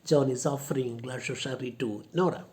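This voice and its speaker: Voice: medium pitch, fairly quick, darkish tone. Casting: teacher, explanatory, paraphrases each line. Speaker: college English teacher. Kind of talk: explaining a play in an online class.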